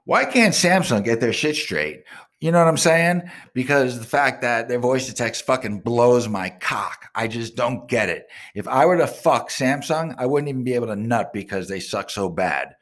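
A man hosting a radio show, rambling through a profane rant and breaking into loud, indignant outbursts. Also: medium pitch, lively intonation, moderate pace. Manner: profane, ranting, swears constantly.

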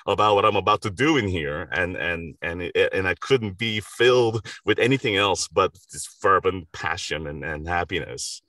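A man's voice: low voice, lively intonation, normal speed, few pauses, bright, forceful tone, no room sound, far from the mic. A middle-aged man from Korea, a voice actor, talking earnestly and enthusiastically in an interview from a recording studio, often laughing. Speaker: voice actor guest. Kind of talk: casual interview chat.

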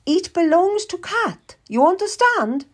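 Woman voicing a high, imperious old noblewoman. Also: very animated, a little slow, full character voice. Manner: commanding, haughty.

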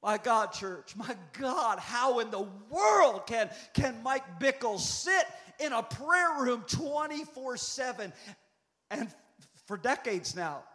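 Pastor in his fifties, a man with a very high voice, fervent and repetitive delivery. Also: lively intonation, slow pace, pushed and bright. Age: 50s. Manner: impassioned, repetitive preaching cadence. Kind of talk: prophetic sermon.

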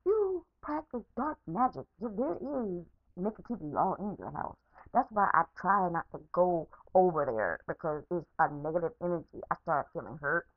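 A woman podcaster with a somewhat low voice goes on a heated, unscripted rant, cursing freely and looping back over the same words, expressive at a moderate pace. It's a phone voice message with a dull, lo-fi sound in a dry room with no echo.

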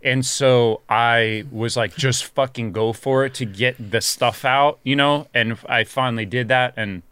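Man telling a lively story, bright voice. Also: mid-range voice, a little slow, clean tone, no room sound. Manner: animated, swears freely, acts out quotes. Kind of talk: casual storytelling chat.

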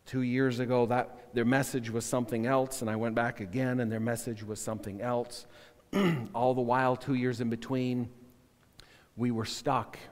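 A man preaching a sermon as pastor, earnest and halting, often repeating and restarting words. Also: medium pitch, little pitch movement, in a large hall.

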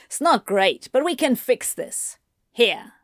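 A bossy, scheming male demon hisses urgent orders, as a woman reading a story puts him on. His voice has a hushed, pressing edge. The recording is dry and close. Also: a little high, sing-song, slow pace, no echo. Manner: urgent hissing whisper. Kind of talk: audiobook fan fiction reading.

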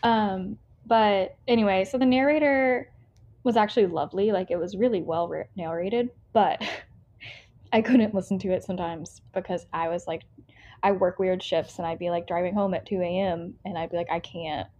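A woman's voice: mid-range voice, normal speed, a little mellow. Rambling young American woman, dull sound. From United States. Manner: rambling, filler-heavy, self-interrupting. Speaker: book podcast co-host. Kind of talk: casual book review chat.

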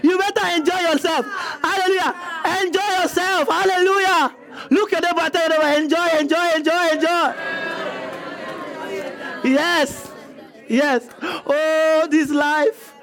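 A pastor preaching an emphatic sermon who repeats phrases and breaks into bursts of shouting. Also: very high-pitched, fairly even intonation, unhurried, some chatter behind.

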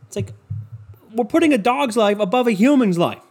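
His voice is extremely high and moderately paced: a man in his twenties hosting a podcast. He rants through a comic story, heavy on swearing and sarcasm, with animated impressions in quotes.

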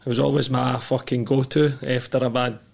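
A man's voice: mid-range voice, flat delivery, brisk, vocal fry, darkish tone. A man hosting a podcast interview, chatting in a matey, sweary way while asking probing questions. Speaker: podcast host. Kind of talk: casual interview chat.

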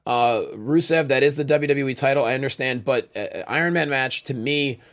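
A man co-hosting a recap show, chatting casually and animated, often laughing and reading out viewer comments. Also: mid-range voice, moderate pace. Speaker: co-host of a wrestling recap show. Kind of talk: casual chat.

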